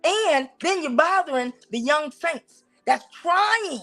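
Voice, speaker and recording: A woman with a Southern US accent hosting a casual talk show, talking straight to her viewers in an animated, preachy and teasing way. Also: high-pitched, slow, hardly any pauses, faint music behind. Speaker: host. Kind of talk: casual commentary on church life.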